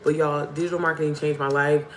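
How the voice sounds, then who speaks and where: A young woman with a hoarse voice, hosting a casual livestream and chatting directly to her viewers. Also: low-pitched, level tone, quick pace, slight background noise, low-quality recording. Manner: chatty, addresses viewers as y'all and baby. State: hoarse from screaming. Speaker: livestream host.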